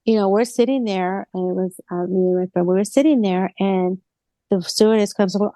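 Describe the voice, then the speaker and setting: A female podcast co-host speaks a little fast in a medium-pitched voice, with no room sound. Her part of the casual chat is animated storytelling with acted-out quotes.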